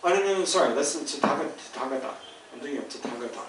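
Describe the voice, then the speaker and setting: Speaking very fast with lively intonation and a medium pitch, a man leads a Buddhist study class as a dharma lecture in a teaching hall. He patiently thinks aloud and restarts his sentences often. The mic sits at a distance in the roomy hall, with slight background noise.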